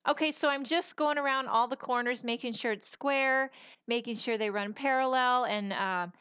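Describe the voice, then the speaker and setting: A woman's voice: fairly high pitch, normal speed, fairly bright tone, clean tone, dry recording, highs cut off. A middle-aged woman hosting a casual papercraft tutorial, chatty and folksy, rambling with fillers as she works. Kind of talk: casual crafting tutorial voice-over.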